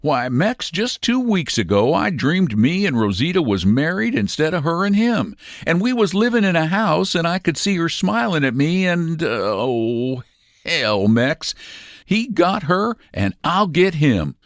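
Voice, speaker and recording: A man's voice: a little high, big pitch swings, unhurried, no room sound, studio quality, voice pushed up. A man voicing a cold-blooded young male outlaw who speaks in a mild drawl, in a storybook reading. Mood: grim, brooding. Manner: soft drawling menace.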